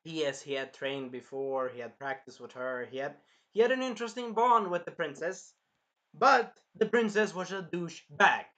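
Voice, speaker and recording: Bright-voiced man rambling through an anime review. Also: fairly high pitch, lively intonation, normal speed, lo-fi sound. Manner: rambling, loose recap with profanity. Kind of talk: casual episode review.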